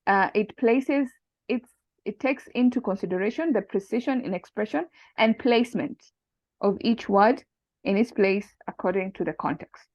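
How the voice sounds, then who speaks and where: A woman's voice: mid-range voice, normal speed, darkish tone, dry recording. A woman leading a casual study group, walking through her translation step by step with restarts and fillers. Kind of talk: casual online lesson. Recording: dull dry lo-fi sound.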